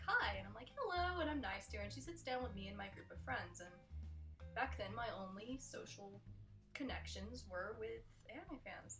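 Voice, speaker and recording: Bright, lively young woman ranting comically. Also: fairly high pitch, distant mic. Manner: sarcastic, jumps into mocking impressions. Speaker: comedy vlogger. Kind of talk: comic countdown monologue. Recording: echoey room with faint music.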